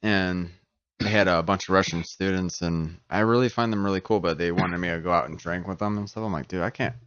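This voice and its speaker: A man chatting as a podcast guest in a relaxed, joking way. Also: deep voice, fairly quick, clear, resonant tone, muffled recording. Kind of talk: casual chat. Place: podcast studio.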